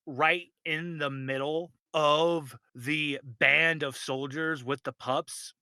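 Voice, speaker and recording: Bright-voiced male game master. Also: on the high side, dry recording. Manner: casual, crude, lively storyteller. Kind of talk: narrating a tabletop game.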